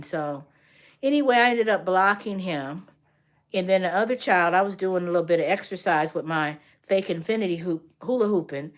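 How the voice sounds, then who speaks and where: With a fairly low pitch and a moderate pace, an older art instructor and grandmother talks casually to her livestream audience. She uses viewers' names and brings energy to the stories she retells.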